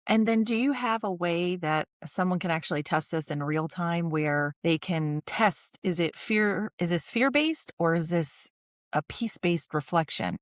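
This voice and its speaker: Thoughtful lower-voiced woman asking questions. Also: a little slow, no echo, studio quality. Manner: thoughtful, asks probing questions. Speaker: podcast co-host. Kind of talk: casual spiritual chat.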